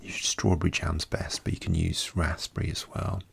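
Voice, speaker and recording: A British man talking in soft-spoken ASMR, his low voice full of gravelly fry and breathy air. He speaks slowly and gently right at the mic, often falling into a whisper. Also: little pitch movement. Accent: British English. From Britain. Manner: slow, soft speech drifting into whispers. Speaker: ASMR creator.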